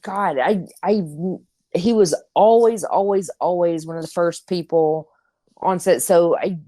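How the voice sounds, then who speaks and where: A woman co-hosting a podcast in casual chat, animated and laughing, swearing freely as she tells stories. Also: on the low side, measured pace, no room sound. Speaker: podcast co-host.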